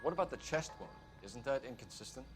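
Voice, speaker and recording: An actor playing a calm male police detective in a crime game, questioning witnesses in short, methodical lines. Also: mid-range voice, fast, music in the background, lightly acted. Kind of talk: 1940s noir game dialogue.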